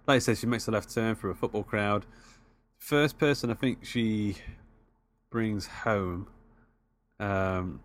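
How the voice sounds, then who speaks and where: A man's voice: lowish voice, steady tone, slow, pauses often. A man co-hosting a casual film chat, easygoing and a little hesitant as he recaps scenes. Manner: easygoing, hesitant, many fillers. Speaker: podcast co-host.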